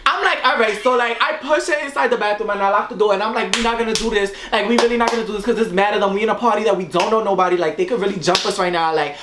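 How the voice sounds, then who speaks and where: A young man in a casual storytime chat, playful and laughing, mimicking others in a squeaky voice. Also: rapid-fire, few pauses, background noise. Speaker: guest friend. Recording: echoey room.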